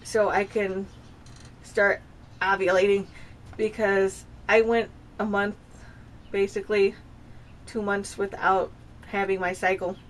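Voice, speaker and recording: A woman's voice: medium pitch, flat delivery, slow, long pauses, slight background noise. A woman in her thirties talking at home in a casual personal vlog, rambling and confessional, often circling back and restarting her sentences. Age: 30s. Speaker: vlogger. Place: home with dogs nearby.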